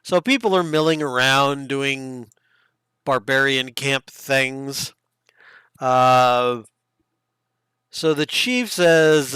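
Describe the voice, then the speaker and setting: A man's voice: medium pitch, drawn-out words, pauses often, pushed and bright, smooth, dry recording, studio quality. A man narrating as game master in a casual, rambling way with fillers.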